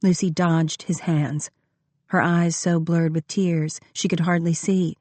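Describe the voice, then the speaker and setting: A woman narrating an audiobook in a measured, expressive reading. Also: fairly low pitch, dry recording. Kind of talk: scripted narration.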